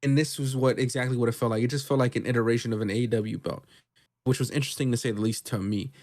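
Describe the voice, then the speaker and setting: Profane, excitable male podcast co-host. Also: medium pitch, fast talker. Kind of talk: casual wrestling recap chat.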